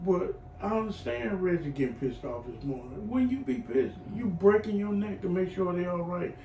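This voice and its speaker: Earthy, animated middle-aged man telling his story. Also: high voice, normal speed, lo-fi sound. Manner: earthy, animated storytelling, acting out neighbors' voices. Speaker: client in a recovery program. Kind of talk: heartfelt personal testimony. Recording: echoey room, voice from far off, faint noise.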